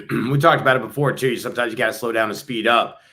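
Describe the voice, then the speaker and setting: A man's voice: medium pitch, fairly even intonation, fast talker, sharp tone. A man co-hosting a motivational podcast, talking emphatically and repeating his points like a pep talk. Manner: emphatic, preachy, repeats phrases. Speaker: podcast co-host.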